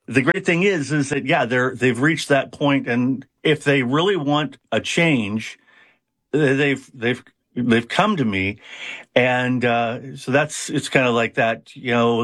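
A man's voice: mid-range voice, unhurried, a bit bright, no room sound, studio quality. A man who runs a hypnosis practice, explaining his methods in an interview with frequent fillers and restarts. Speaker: hypnotist, founder of a hypnosis center. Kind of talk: conversational interview answers.

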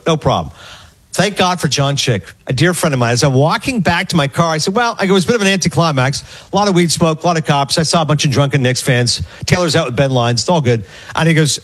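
Male radio co-host, high husky voice, rapid rambling anecdotes. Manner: rambling, animated storyteller acting out quotes. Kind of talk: casual storytelling chat.

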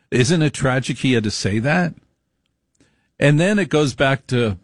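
A middle-aged man speaking at an ordinary, middle pitch, recorded close and dry. He talks in an emphatic, repetitive way and drags out key phrases to make his points land. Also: lively intonation, measured pace, no echo. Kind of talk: storytelling monologue.

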